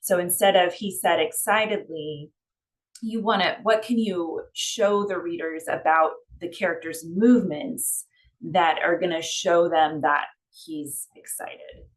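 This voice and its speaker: Low-voiced woman explaining writing tips. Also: fairly even intonation, unhurried. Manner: conversational, explanatory, loose phrasing. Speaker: editor and writing coach.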